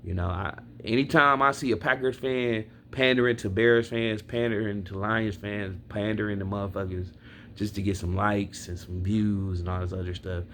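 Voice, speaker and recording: A man's voice: fairly low pitch, fairly even intonation, moderate pace, fairly bright tone, slight background noise. Blunt, profane man venting to camera. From Milwaukee, Wisconsin. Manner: blunt, profane, talks straight to his viewers. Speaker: sports fan vlogger. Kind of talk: casual fan rant to camera.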